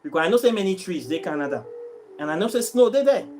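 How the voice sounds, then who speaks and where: A man's voice: sits high, big pitch swings, fast, a little mellow, a little hiss or hum. A Nigerian man with a Nigerian accent that slips into Pidgin, ranting casually to his viewers as a vlogger who sells herbs, complaining in an exasperated, repetitive way. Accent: Nigerian, mixing in Pidgin. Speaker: vlogger selling herbs and spiritual products. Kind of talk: casual vlog rant to viewers.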